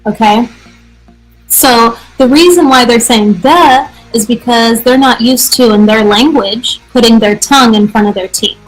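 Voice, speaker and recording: An American woman hosting a live English practice show, answering viewer questions in an energetic, chatty way. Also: fairly high pitch, measured pace, faint music behind, poor audio. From United States. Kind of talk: casual live-stream teaching.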